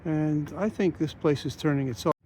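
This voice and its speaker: A man's voice: a little high, dark tone. A man walking outdoors with a handheld camera, narrating a travel vlog in a rambling way with many fillers and restarts. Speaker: travel vlogger. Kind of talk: casual walking commentary. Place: outdoors, walking through a small coastal town. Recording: outdoor noise with rushing water.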